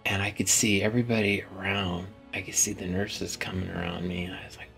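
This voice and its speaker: Male, deep gravelly voice, halting emotional testimony, soft music underneath. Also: level tone. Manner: halting and hesitant, often dropping to a whisper. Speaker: person giving a testimony.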